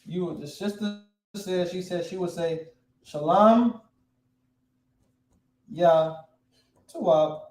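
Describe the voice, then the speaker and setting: A man's voice: high-pitched, very slow, pauses often, a little mellow. A man teaching a class in a casual, slangy way, quizzing his students. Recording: echoey room.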